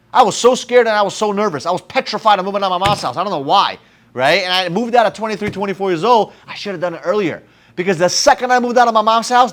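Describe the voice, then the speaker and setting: A man giving an energetic, emphatic motivational talk to camera about advice to his younger self, with slangy phrasing. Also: sits high. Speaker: sales business owner.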